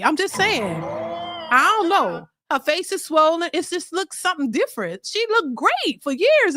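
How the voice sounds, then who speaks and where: A woman commentator chatting casually to her viewers in an animated, slangy way, talking straight to them. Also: very high-pitched, dry recording, clean studio sound. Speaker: YouTube commentator.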